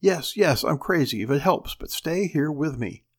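Frightened housewife, breathless and pleading, a male reader putting her on, high and gravelly. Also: animated, moderate pace. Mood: desperate. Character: frightened housewife, nervous and frantic.

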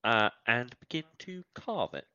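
A man playing a tabletop game, hesitant and halting as he describes what his character does. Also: medium pitch, sing-song, bright, forceful tone, clear, resonant tone, dry recording. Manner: hesitant, halting, many fillers. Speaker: player. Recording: dull dry mic.

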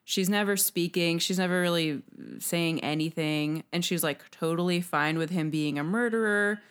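A woman host running through a film's plot in a casual podcast chat. Her delivery is dry and wry, sitting on the lower side. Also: moderate pace, smooth.

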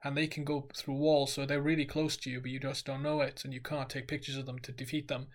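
A man co-hosting a casual podcast, telling animated stories and acting out sounds. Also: medium pitch, fast talker. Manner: animated storyteller, acts out sounds. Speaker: podcast co-host. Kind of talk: casual chat.

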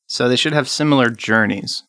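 A young man with a bright, forward voice, chatting and guessing aloud in a relaxed comedic talk. The recording is dry and close, with no room echo. He keeps a middle pitch. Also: normal speed. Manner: speculative, chatty. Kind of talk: casual comedic chat.

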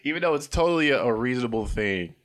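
Young male podcast host, casual comedic riffing from a car, profane, quick laugher. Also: mid-range voice, animated. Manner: loose, profane, laughs often and mimics silly voices.

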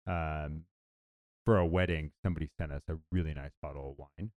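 A man co-hosting a podcast, chatting casually and telling stories in an animated way. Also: rumbling low, fairly quick, dry recording, phone-quality sound. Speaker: podcast co-host.

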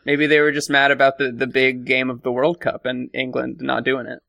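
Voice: mid-range voice, flat delivery, a little fast, gravelly, bright, forceful tone, no echo. A podcast co-host in casual chat, teasing with dry jokes.

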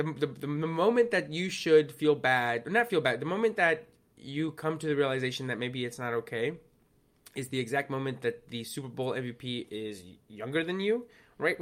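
A man in his late twenties co-hosting a podcast, telling a story in an excitable, self-mocking way. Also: medium pitch. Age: 20s. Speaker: podcast co-host. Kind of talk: casual storytelling.

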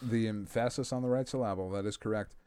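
A man's voice: lowish voice, steady tone, quick pace, mellow, clean tone, no echo, studio quality. A man hosting a podcast, chatting casually about comic books in a rambling, swearing, self-mocking way. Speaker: podcast host. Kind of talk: casual chat, comic book review. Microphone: podcast microphone.

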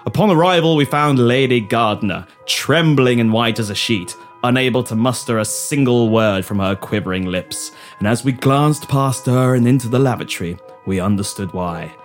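A man's voice: mid-range voice, normal speed, hardly any pauses, faint music behind. A man playing a pompous prime minister. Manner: pompous, plummy. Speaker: comedy podcast host and narrator.

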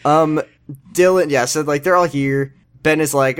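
A man's voice: on the high side, steady tone, smooth. A man co-hosting a podcast, joking and chatting casually about a TV episode and quoting its characters. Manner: jokey, quick asides, quotes characters. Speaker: podcast co-host. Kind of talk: casual chat recapping a TV episode.

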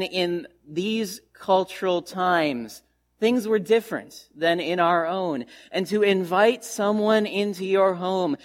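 Slow-speaking male pastor preaching. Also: a little high. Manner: slow, measured preaching with pauses and rhetorical questions. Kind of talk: sermon.

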